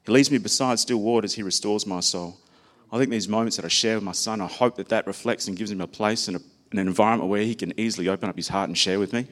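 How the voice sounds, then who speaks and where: A man preaches a sermon in a low-pitched voice. His delivery is conversational and personal, and he folds stories from his own family into the message. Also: fast talker, hardly any pauses, a bit bright.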